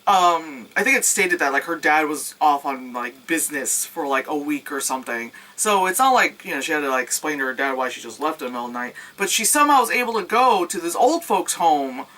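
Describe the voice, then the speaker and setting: A woman's voice: sits low, fairly quick, few pauses, rough recording. A woman giving a casual, sarcastic movie recap, swearing freely. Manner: animated, sarcastic, swears freely, acts out scenes with yelps. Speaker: movie reviewer.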